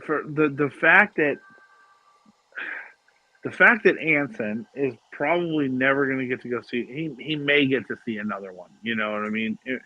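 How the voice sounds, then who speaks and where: A man's voice: mid-range voice, no room sound, highs cut off. A middle-aged man, co-hosting a casual chat and telling a family story with lots of swearing and stammered restarts. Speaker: podcast co-host.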